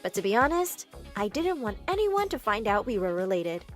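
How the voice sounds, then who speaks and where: A woman giving expressive, scripted first-person narration for an animated story. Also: mid-range voice, normal speed, soft background music.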